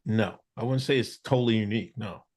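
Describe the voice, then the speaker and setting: A man co-hosting a podcast in casual chat, animated and laughing. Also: fast talker. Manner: animated, laughing, swings pitch widely when making a point. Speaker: podcast co-host.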